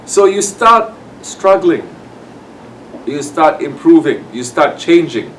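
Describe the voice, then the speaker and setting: A man's voice: fairly high pitch, expressive, slow, a bit bright, far from the mic, a little hiss or hum, poor audio. Man preaching from afar, admonishing. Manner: admonishing, acts out quoted excuses. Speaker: sufi sheikh. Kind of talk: sermon.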